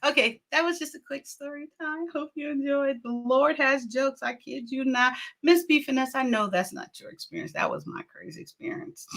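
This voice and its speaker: Woman host, middle-aged, high bright voice, chatty storyteller who laughs a lot. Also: moderate pace, hardly any pauses. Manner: animated, laughs often, acts out quotes. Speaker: talk show host. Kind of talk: casual storytelling.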